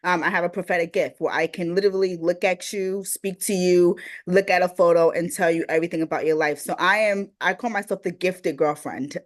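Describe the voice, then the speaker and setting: A woman, a guest on a casual podcast. She talks in a confident, self-assured way, and her voice sits a little low. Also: fairly even intonation, a little fast, hardly any pauses. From Queens, New York. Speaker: guest, intuitive and life coach.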